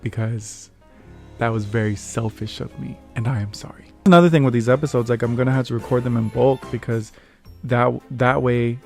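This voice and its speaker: A young man chats casually on his own vlog, telling stories with lots of laughter and bursts of louder acted-out dialogue. His voice sits at an ordinary middle pitch. Soft music plays faintly behind him. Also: brisk, gravelly. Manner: animated, laughs often, acts out quotes in raised voice. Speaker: vlog host. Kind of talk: casual storytelling monologue.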